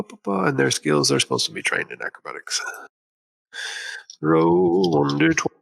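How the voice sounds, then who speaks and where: A man's voice: a little high, huge pitch swings, moderate pace, gravelly, pauses often, a bit bright. A man running a tabletop game as game master, explaining rules with fillers and humming to himself between turns.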